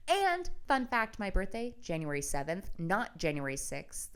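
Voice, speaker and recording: A young woman vlogging, telling wry, profane stories in a casual, animated way with bursts of laughter. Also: lowish voice, normal speed, hardly any pauses. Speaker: comedian and vlogger. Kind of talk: casual storytelling vlog.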